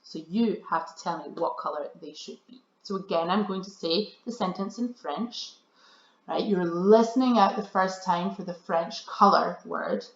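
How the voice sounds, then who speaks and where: With a fairly low pitch, a woman teacher talks children through a recorded slideshow lesson in a cheerful, encouraging way, slowing down to stress important words. The room is echoey and the sound lo-fi.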